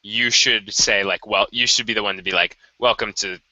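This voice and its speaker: A man's voice: on the low side, steady tone, normal speed, bright, forceful tone, no room sound. A young man co-hosting a casual web show, rambling and correcting himself as he plans what to say. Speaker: co-host. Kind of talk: casual unscripted planning chat.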